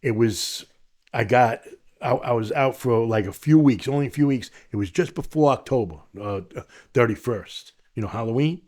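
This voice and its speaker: At a moderate pace and medium pitch, this podcast guest, a middle-aged man from Long Island with a New York accent, recounts his story in an interview. He's lively and voices the people he quotes.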